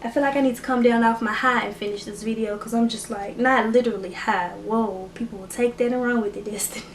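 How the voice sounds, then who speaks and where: A woman's voice: a little high, reverberant, slight background noise. A woman YouTuber, chatting emotionally and gratefully to camera in a casual vlog at home. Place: room at home lit by ring light.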